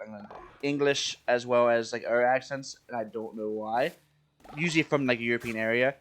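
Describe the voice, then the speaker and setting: A man from Maryland chatting casually with his viewers while streaming a game, rambling and self-deprecating. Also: mid-range voice. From Maryland, USA. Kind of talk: casual live-stream chat while playing.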